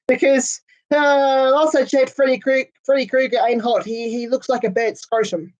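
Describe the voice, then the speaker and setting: Sweary, giggly woman with a high-pitched voice. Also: steady tone, measured pace, muffled recording. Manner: crude, sweary, giggly banter. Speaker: host chatting with viewers. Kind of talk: casual chat.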